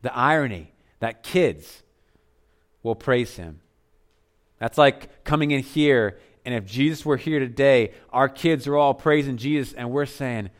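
A man preaching a sermon as pastor, earnest, dropping to softer tones for emphasis. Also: medium pitch, unhurried.

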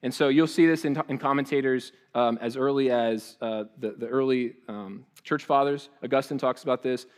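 A man preaches in a relaxed, talky style. He often restarts his phrases and drifts into friendly asides, and his pitch sits in the middle range for a man. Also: normal speed, hardly any pauses. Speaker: pastor. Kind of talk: sermon.

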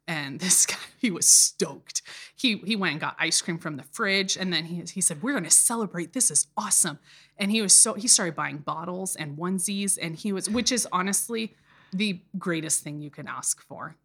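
A woman in her thirties, a podcast guest in casual chat, speaking candidly with frequent laughs and halting restarts. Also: on the low side, a bit bright, breathy edge. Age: 30s.

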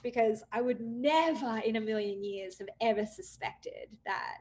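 A young woman candidly recounting a personal story, with many "like" fillers, acting out quoted dialogue with lively jumps in pitch. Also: unhurried. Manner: chatty, frequent "like" fillers. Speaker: guest telling her story.

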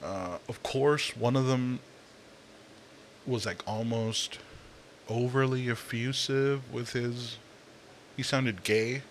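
A man's voice: medium pitch, steady tone, takes it slowly, pauses often, a little hiss or hum. A young man ranting casually in a profane, rambling monologue, with fillers and sighs. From Latino, Spanish speaker.

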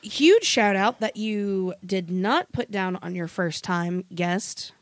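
A woman co-hosting a podcast in casual chat, animated and swearing freely. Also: medium pitch, slow, no echo, clean studio sound. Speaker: podcast co-host.

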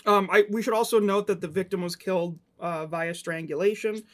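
A man's voice: high-pitched, fairly even intonation, fairly quick. A man co-hosting a podcast, walking his friends through case notes in casual chat. He fills gaps with ums and swears freely. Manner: leads the recap, many fillers, swears freely. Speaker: podcast co-host.

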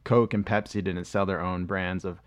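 A man's voice: low voice, fairly even intonation, moderate pace. A man, co-hosting a podcast and telling rambling, profane stories in casual chat. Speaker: podcast co-host.

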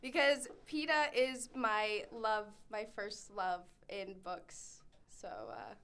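A woman's voice: mid-range voice, expressive, slow, sharp tone, clean tone. A young woman answering questions in a casual chat, playful and giggly.

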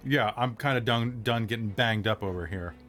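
A man's voice: mid-range voice, moderate pace, a bit bright, soft background music, close to an everyday voice. A man voicing a hot-tempered young American man with a light voice who swears and complains. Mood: griping.

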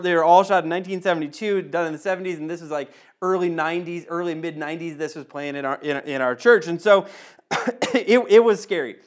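Animated high-voiced man preaching a sermon. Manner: animated storytelling, repeats phrases for emphasis. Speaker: pastor. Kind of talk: sermon with personal story.

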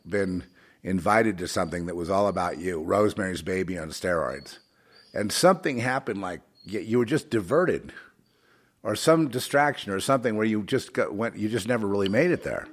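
A man delivering a rambling religious monologue, swinging between fervent outbursts and quiet, halting asides full of restarts. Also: lowish voice. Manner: many restarts and fillers, conversational.

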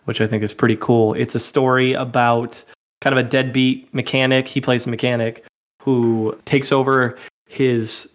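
A man's voice: medium pitch, normal speed. A man hosting a podcast, chatting casually about movies and laughing often. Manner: animated, laughs often, slips into playful impressions. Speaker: podcast host. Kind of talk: casual film-discussion chat.

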